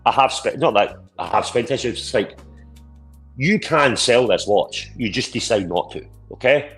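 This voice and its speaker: A man's voice: medium pitch, animated, measured pace, a bit bright, soft background music. A man in his forties, a podcast co-host, talking bluntly in casual chat and swearing freely when annoyed.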